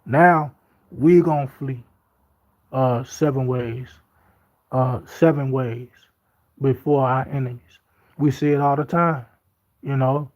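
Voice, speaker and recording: A man's voice: mid-range voice, steady tone, slow pace, pauses often, darkish tone. Man giving an informal Bible talk. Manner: reads scripture aloud and comments in loose everyday speech; repetitive and emphatic. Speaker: Bible teacher. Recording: slightly dull lo-fi audio.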